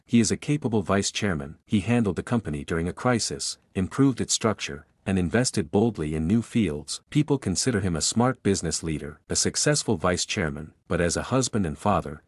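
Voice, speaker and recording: A man narrating a comic recap in a flat, steady reading voice. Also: on the low side, no echo, studio quality.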